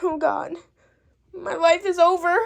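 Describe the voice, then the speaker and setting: A woman's voice: very high voice, flat delivery, measured pace, gravelly, full character voice. A woman voicing a panicky young married woman in a doll-play story, with dramatic, wailing lines. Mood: panicked.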